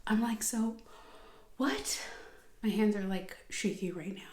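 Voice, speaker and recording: Young woman, casual vlogger, emotional half-whisper, mid pitch, roomy echo. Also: takes it slowly. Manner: emotional, often dropping to a hushed whisper. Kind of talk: casual vlog chat. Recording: echoey room.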